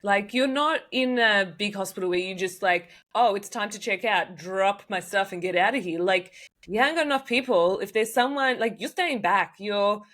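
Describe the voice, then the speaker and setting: Expressive woman hosting a podcast. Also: medium pitch, moderate pace. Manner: warm, emotional, expressive interviewer. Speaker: podcast host. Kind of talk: casual podcast interview.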